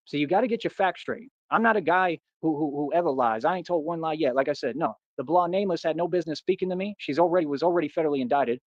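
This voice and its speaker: A man's voice: on the high side, quick pace, few pauses, no room sound, muffled recording. A man livestreaming and answering his chat in a boastful, combative rant. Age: adult. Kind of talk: ranting live stream.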